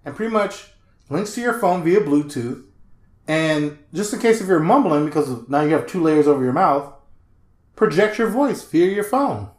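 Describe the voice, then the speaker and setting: A man's voice: a little high, moderate pace, echoey room. A man co-hosting a casual podcast chat, telling stories with lots of swearing and laughter. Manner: animated, profane, laughing storyteller. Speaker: podcast co-host.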